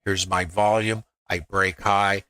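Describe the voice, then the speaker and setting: A middle-aged trading educator speaks slowly and flatly in a low, bright, forceful voice with a clean tone. During his live screen-share review he walks through his trades, thinking aloud and quoting his inner voice.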